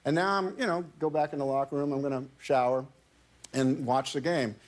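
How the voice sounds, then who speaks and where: A man, a talk show guest, telling a long anecdote in casual chat, halting and often repeating words as he goes. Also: medium pitch, steady tone.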